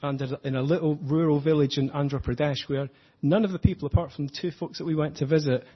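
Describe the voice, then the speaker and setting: A man preaching an earnest, reflective sermon, slowing down to stress his points. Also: a little high, steady tone, husky, highs cut off. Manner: earnest, reflective, slows for emphasis.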